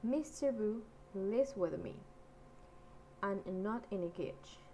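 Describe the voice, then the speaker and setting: A small, brave girl, read by a woman in a storybook tale, earnest and pleading. She speaks slowly, and a faint hiss lies behind her. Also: medium pitch, lively intonation, dark tone.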